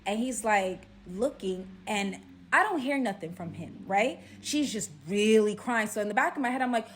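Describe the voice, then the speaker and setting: A young woman from Brooklyn with a Brooklyn accent, telling a casual storytime. She speaks in an animated way and drops to hushed tones for suspense. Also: mid-range voice, moderate pace, a little hiss or hum. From Brooklyn, New York.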